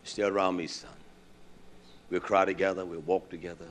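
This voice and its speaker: A man preaching a sermon in a conversational way, swinging from hushed asides to loud bursts and asking his listeners questions he answers himself. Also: low-pitched, flat delivery, moderate pace. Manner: asks the congregation questions and answers them himself.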